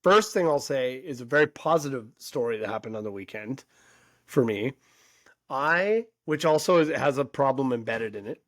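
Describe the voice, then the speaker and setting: Animated man in his forties telling stories. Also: mid-range voice, normal speed, no room sound, studio quality. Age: 40s. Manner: animated storyteller, acts out quoted voices. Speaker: podcast co-host. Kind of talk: casual storytelling chat.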